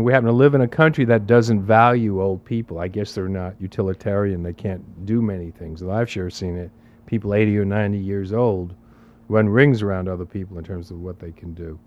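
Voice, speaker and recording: A man's voice: mid-range voice, darkish tone, muffled recording. A man giving a spiritual talk in a conversational, emphatic way, repeating phrases and asking rhetorical questions. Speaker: spiritual teacher.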